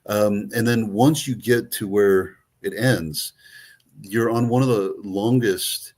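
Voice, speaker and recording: A man's voice: on the low side, slow, darkish tone. A man with a Greek accent co-hosting a travel chat, rambling with lots of fillers and restarts. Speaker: co-host, travel agent. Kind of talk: casual chat.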